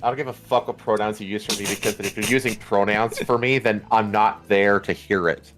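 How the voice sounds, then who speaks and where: A man's voice: on the low side, fairly even intonation, fairly quick, a bit bright, soft background music. Rambling, blunt podcast guest man. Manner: rambling, repeats himself, blunt. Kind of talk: casual podcast chat.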